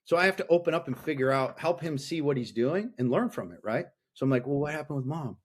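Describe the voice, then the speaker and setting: A middle-aged man talking as a guest on a podcast over a call, blunt and intense, swearing freely and asking himself rapid questions. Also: on the high side, animated, breathy edge. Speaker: podcast guest, fathers' coach. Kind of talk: candid podcast conversation. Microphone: remote call.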